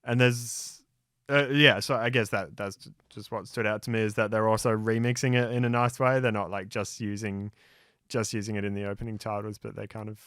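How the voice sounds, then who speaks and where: A man co-hosting a podcast in casual chat, easygoing and hesitant, often pausing on "um" and restarting his sentences. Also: lowish voice, fairly even intonation, fairly bright tone, clean tone, no echo, studio quality. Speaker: podcast co-host.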